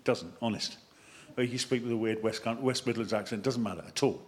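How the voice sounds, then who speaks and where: A man, a vicar, giving a lively sermon that wanders into chatty, self-mocking asides. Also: mid-range voice, fairly quick, a little hiss or hum. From England. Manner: animated, chatty preaching with digressions and self-deprecating asides.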